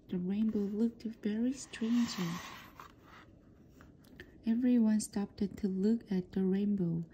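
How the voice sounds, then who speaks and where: A woman reading a children's storybook aloud for practice, softly and often in a whisper. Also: mid-range voice, slow pace, slight background noise. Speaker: reader.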